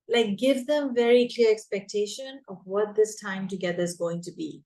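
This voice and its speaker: A woman's voice: mid-range voice, steady tone, moderate pace, hardly any pauses, dark tone, rough recording. A woman coaching teachers, speaking emphatically and repeating her key points. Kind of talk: advice talk to teachers.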